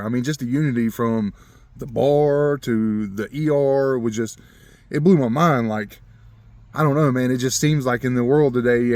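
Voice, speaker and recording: A man telling a personal story in a rambling, earnest way, chuckling often and growing animated when he talks about faith. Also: fairly low pitch, no room sound. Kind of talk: casual storytelling.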